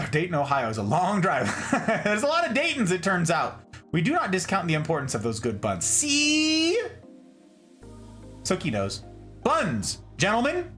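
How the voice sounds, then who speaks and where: A man's voice: huge pitch swings, unhurried, a bit bright. Jokey nevada guy streaming, voice jumps all over, bit of music playing under him. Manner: playful, jokey, swings between high and low voices. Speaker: streamer reading chat. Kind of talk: casual livestream chat.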